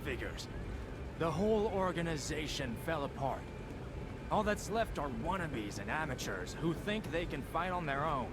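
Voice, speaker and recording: An actor playing a weary male merchant in a video game, talking with quiet salesman patter. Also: fairly high pitch, sing-song, normal speed, very noisy. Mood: world-weary.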